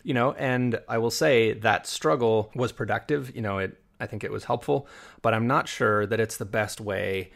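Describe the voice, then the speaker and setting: A man hosting an education podcast, asking questions and thinking aloud in a relaxed way. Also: lowish voice, moderate pace, creaky. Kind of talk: conversational podcast interview.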